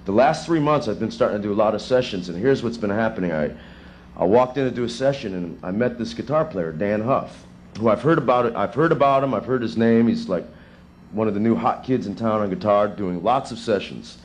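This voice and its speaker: A man in his thirties, a session drummer, answering students' questions in a rambling, animated way with chuckles, in a music school classroom. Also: fairly low pitch, fairly quick, a little hiss or hum. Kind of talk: casual Q&A with students.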